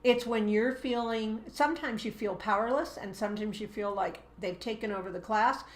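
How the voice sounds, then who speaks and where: A woman teacher co-hosts a relaxed two-person chat with a mid-pitched voice. She explains her ideas at length and now and then acts out voices to show her point. The room around her is echoey. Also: moderate pace, hardly any pauses. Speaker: teacher and co-host.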